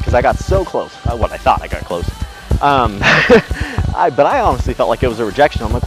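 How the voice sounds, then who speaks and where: A young man tells a rambling story as he walks outside on a windy day, recorded on a handheld camera. He is blunt and swears freely, and his pitch sits in the middle for a man. Music plays clearly underneath, and wind comes through on the camera audio. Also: sing-song, fairly quick, rough recording. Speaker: vlogger. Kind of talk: casual storytelling while walking. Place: outdoors on a windy walk.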